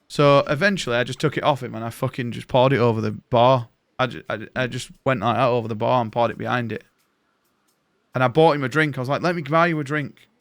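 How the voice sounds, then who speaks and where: A man's voice: mid-range voice, fairly even intonation, fast, a bit bright, no room sound, clean studio sound. A man, a game streamer casually telling rambling stories and swearing freely. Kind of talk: casual chat while gaming.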